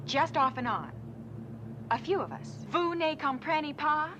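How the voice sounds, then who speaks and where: A woman's voice: high-pitched, animated, measured pace, highs cut off, background noise. An actress playing an earnest young woman who pleads emotionally with the man she loves, in a 1950s movie musical. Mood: tender. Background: film score.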